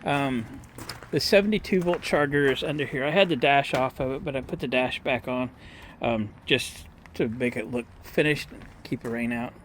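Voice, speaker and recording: Middle-aged guy rambling folksy about his little electric truck, outside, lots of background noise, middle pitch. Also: moderate pace, fairly bright tone. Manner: folksy, rambling, addresses viewers as boys and girls. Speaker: vlogger showing his electric utility car. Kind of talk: casual vlog talk. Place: outdoors, at a restaurant lot and by a barn. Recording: outdoor noise behind the voice.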